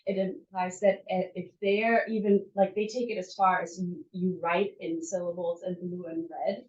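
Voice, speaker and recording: A woman teacher presenting to parents at a school workshop, who slowly sounds out syllables to demonstrate. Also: fairly low pitch, level tone, a little mellow. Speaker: first grade teacher. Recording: muffled, distant, echoey room.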